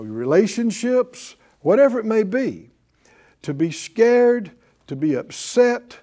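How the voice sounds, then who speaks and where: A pastor with a slightly high, darkish voice preaches a sermon, drawing responses from the congregation through rhetorical questions and repeated key phrases.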